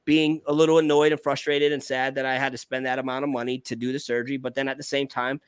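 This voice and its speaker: An American man hosting a casual talk. He tells animated personal stories, often restarts his words and calls people "bro". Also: mid-range voice, fast talker, clean tone, no echo. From United States. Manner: animated storytelling, repeats words, says bro. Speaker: podcast host. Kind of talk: casual conversation.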